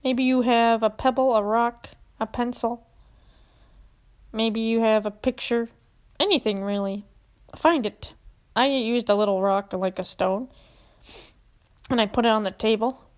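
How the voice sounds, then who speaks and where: A woman's voice: on the high side, steady tone, unhurried, pauses often. A young woman hosting a podcast, earnestly guiding listeners through a self-help exercise and getting emotional at times. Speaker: podcast host.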